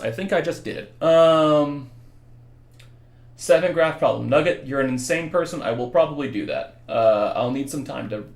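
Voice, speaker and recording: A young adult male economics teacher giving a casual livestreamed exam review, quick and chatty, answering viewers' questions by name, tired after hours of talking. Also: mid-range voice, creaky.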